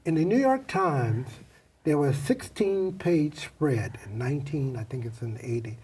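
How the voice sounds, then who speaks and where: An older man, a makeup artist guest, telling animated stories in an interview and acting out the voices of the people in them. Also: fairly high pitch, a little slow, breathy edge, distant mic. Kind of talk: storytelling interview.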